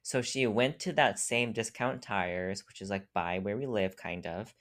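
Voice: low-pitched, unhurried, a bit bright. Rambling young podcast co-host telling stories. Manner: rambling, frequent "like" fillers, laughs often. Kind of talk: casual chat, storytelling.

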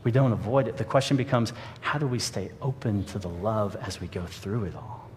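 A man giving an earnest, reflective sermon as a pastor, telling a story to his congregation. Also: a little fast. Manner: earnest, reflective preaching with a story read aloud. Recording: reverberant hall with faint rumble.

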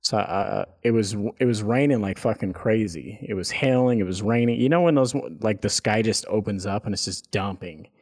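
A man with a fairly low voice tells a long story in loose, casual talk. He rambles, swears freely and chuckles through it. It sounds like an everyday podcast chat. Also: normal speed, few pauses. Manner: rambling, profane, laughs through his story. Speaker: podcast co-host.

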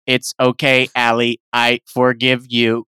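A man voicing a vengeful ghost girl in a computer-mecha form, speaking low, slow and menacing in a broken computer voice. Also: completely flat delivery, bright, forceful tone, smooth, no echo. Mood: cold.

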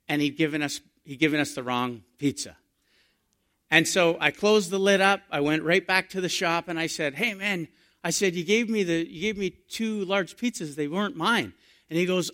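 High, bright-voiced preaching man. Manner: storytelling, animated, rising to excited emphasis. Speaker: pastor. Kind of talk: sermon.

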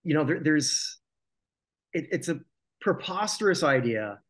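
A podcast co-host chats casually about old TV, rambling, joking and correcting himself with many restarts. His voice is on the high side, sing-song and fairly bright, at a measured pace.

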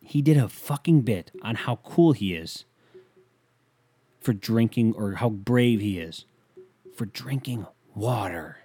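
A man's voice: lowish voice, lively intonation, takes it slowly, mellow, slightly rough, dry recording. Swearing young man ranting solo. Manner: profane, rambling, exasperated. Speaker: podcast host. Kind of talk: solo podcast rant. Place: bedroom. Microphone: leaning on the mic.

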